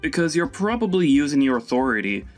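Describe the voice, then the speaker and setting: A man's voice: fairly high pitch, very animated, brisk, soft background music. A man voicing a young adult son who scolds his mother in a stern, indignant way. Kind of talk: animated story voice acting.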